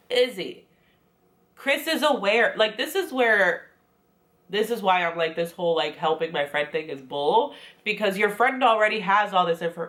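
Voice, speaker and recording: A woman's voice: mid-range voice, lively intonation, moderate pace, fairly bright tone. A woman giving a casual, sassy recap of a reality show, chatty and full of quoted asides. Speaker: recap vlogger.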